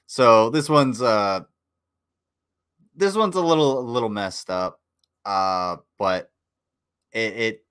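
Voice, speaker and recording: Tired guy with a low deep voice rambling on a stream, jokey and sweary. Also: takes it slowly, long pauses, fairly bright tone, smooth. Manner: joking, profane, rambling. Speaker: streamer reviewing war footage. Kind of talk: casual livestream commentary.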